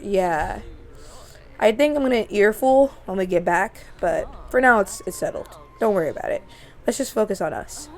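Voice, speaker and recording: A woman's voice: medium pitch, animated, normal speed, close to an everyday voice. A woman voicing an awkward, romantic young French husband who speaks in flowery, hesitant, polite phrases. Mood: apologetic.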